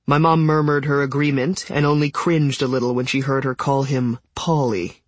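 A man's voice: mid-range voice, little pitch movement, moderate pace, hardly any pauses, no room sound. A man reading a novel aloud in first person, with a wry, conversational storytelling manner. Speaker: audiobook narrator. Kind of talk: scripted first-person narration.

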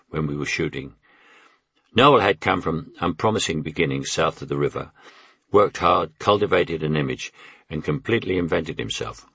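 A man's voice: extremely low pitch, creaky, fairly bright tone, slightly rough, no room sound. An older man narrating his memoir with wry, anecdotal storytelling.

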